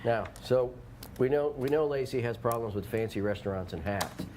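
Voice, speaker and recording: A man's voice: medium pitch, moderate pace, a little mellow, a little hiss or hum. A man hosting a local TV show, rambling and joking in casual chat and slipping into playful put-on voices. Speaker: TV show host.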